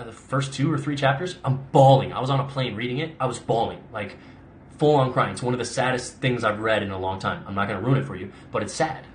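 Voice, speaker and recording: There's slight background noise as a young adult man with a mid-range voice fields viewer questions. He's an actor hosting a casual live Q&A stream, chatty and rambling, often saying "like" and restarting sentences.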